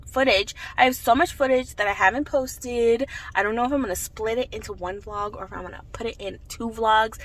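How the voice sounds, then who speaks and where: Bright, chatty woman vlogger rambling. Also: on the high side, rough recording. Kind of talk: casual chat.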